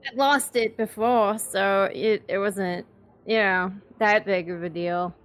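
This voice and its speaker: A woman's voice: mid-range voice, steady tone, slow pace, a bit bright, soft background music. Brief: woman voicing a matter-of-fact female fighter, blunt, tabletop game. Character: tough blunt female adventurer.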